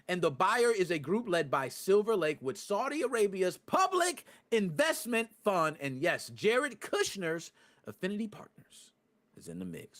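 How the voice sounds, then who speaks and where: A man with a high, bouncy voice hosts a live gaming podcast and chats straight to his viewers. He jumps from quiet mumbles to loud, excited outbursts and curses freely as he rants. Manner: talks to live chat viewers. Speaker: podcast host.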